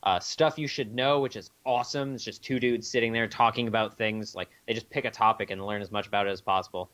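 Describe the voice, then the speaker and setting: A man's voice: fairly low pitch, steady tone, fast, fairly bright tone. A man co-hosting a podcast in casual, profane chat with lots of fillers. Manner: loose and profane, many fillers. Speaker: podcast co-host.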